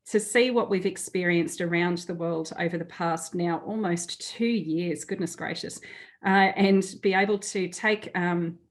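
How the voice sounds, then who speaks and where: A woman with an Australian accent giving a friendly, chatty conference talk over a video call, with frequent fillers. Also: on the low side. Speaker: webinar speaker.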